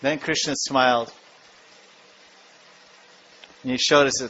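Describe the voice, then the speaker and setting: A man giving a devotional lecture, telling stories in an animated way and acting out the scenes. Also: on the high side, normal speed. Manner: animated storytelling, acts out scenes. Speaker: spiritual lecturer. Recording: dull lo-fi lecture recording.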